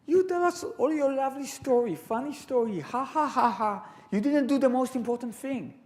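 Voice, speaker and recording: A woman's voice: high-pitched, animated, moderate pace, a little mellow, pitched above the performer's own voice. A man voicing a blunt, disappointed elderly woman who mocks with a fake laugh. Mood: scolding.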